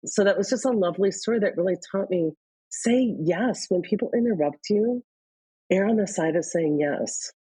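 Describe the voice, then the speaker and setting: A woman from Iowa, a guest, telling personal stories candidly in an interview, quick bursts between slower pauses. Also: mid-range voice, mellow, slightly rough, dry recording, low-quality recording. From Iowa, US Midwest. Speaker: guest, leadership author.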